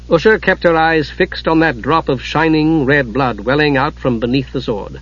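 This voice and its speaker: Husky male fantasy audiobook narrator. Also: on the high side, normal speed, hardly any pauses, fairly bright tone. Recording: dull lo-fi audiobook recording.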